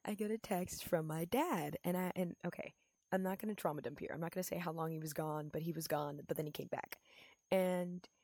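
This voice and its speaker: A woman's voice: on the low side, brisk, a little mellow, no echo. A young woman co-hosting a podcast, chatting loosely with swearing and jokes in a studio. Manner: loose, profane, jokey. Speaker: podcast co-host. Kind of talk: casual chat.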